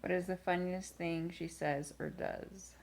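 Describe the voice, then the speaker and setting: A woman's voice: fairly low pitch, steady tone, a little slow, a little mellow, a little hiss or hum. A woman interviewing a groom-to-be, asking short, playful questions in a casual tone.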